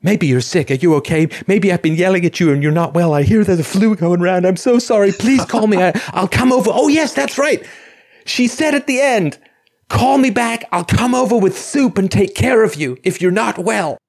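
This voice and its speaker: A man voicing an upset young woman leaving answering-machine messages, shrill and pleading, repeating herself. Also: moderate pace, darkish tone.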